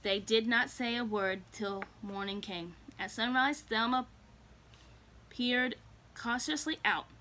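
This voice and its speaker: A woman reads a children's story aloud, gentle and slow. Her voice sits a bit high and sounds bright and clear. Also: slight background noise. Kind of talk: storybook reading.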